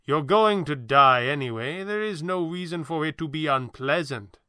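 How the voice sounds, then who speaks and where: A man voicing a smug, ruthless male crime boss who threatens in a calm, measured way. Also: fairly high pitch, clear, resonant tone, no room sound, studio quality. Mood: menacing.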